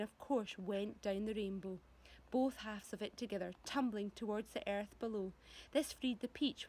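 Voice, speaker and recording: A woman teacher reading a children's book aloud, expressive, with dramatic pauses. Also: on the high side. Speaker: primary school teacher.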